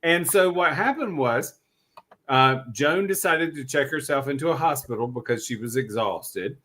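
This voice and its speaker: A man's voice: medium pitch, normal speed, pushed and bright. A man with a Southern US drawl chats on a podcast as a co-host. He spins long film anecdotes with campy asides, in a middling voice. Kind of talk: casual chat.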